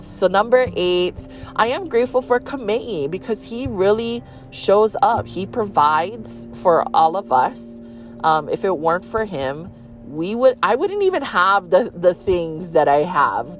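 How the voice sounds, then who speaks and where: A woman with a Hawaii Pidgin-tinged accent, hosting a casual solo podcast in a chatty, candid way with frequent swearing. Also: fairly low pitch. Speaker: podcast host.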